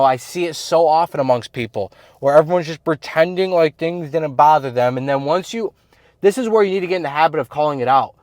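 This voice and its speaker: A man's voice: fairly high pitch, no room sound, studio quality. A man coaching other men in a casual advice monologue, blunt and slangy, full of "like" and "you know". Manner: blunt, slangy, filler-heavy talk. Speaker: men's self-improvement coach.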